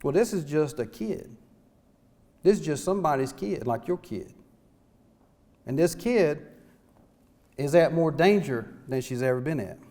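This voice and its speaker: A man's voice: fairly high pitch, animated, a little slow, pauses often, warm tone. A middle-aged man, a small-town mayor giving an impassioned, folksy speech full of rhetorical questions at a conference. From North Carolina. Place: conference hall.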